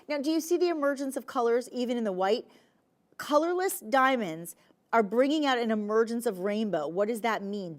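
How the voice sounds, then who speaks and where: A woman with a New Jersey accent hosting a live TV shopping show, pitching jewelry in a chatty, animated sales patter. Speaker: shopping channel host. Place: TV studio.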